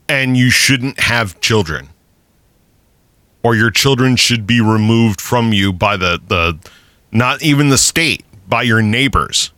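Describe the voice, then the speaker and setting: A man hosts a loose podcast chat with a bright, forward voice, cursing freely and laughing through his rants. The sound is close and dry, with no room around it. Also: mid-range voice, no room sound. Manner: profane, ranting, laughs often. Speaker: podcast host.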